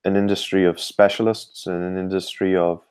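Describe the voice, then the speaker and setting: Deep-voiced Irish man, measured. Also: flat delivery, darkish tone, smooth, dry recording. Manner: measured, explanatory, frequent fillers. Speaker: performance coach, guest. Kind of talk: interview answers.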